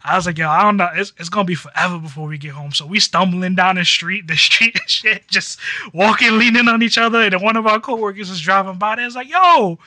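A man's voice: high-pitched, quick pace, no room sound. A man on a podcast telling a party story casually, acting out voices with lots of slang. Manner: animated, acts out friends' voices, heavy slang. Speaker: podcast co-host.

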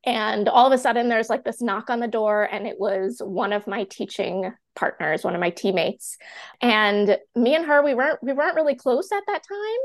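A woman in her thirties, a teacher and classroom coach, telling her story as a podcast guest in a chatty, animated way full of "like" fillers. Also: fairly high pitch, normal speed. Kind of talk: candid personal storytelling in a podcast interview.

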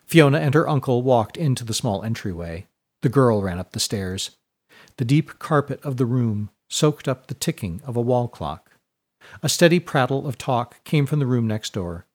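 A male storyteller reading a novel chapter aloud, measured and expressive. His mid-pitched voice moves in a lively, animated melody. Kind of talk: storybook narration.

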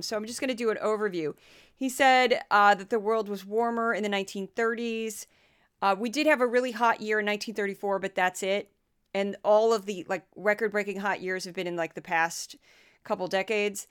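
A woman's voice: on the high side, fairly bright tone, clean tone. A middle-aged woman from the US Midwest hosting a podcast. She talks in a chatty, casual way, with wry and self-deprecating asides. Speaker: podcast host.

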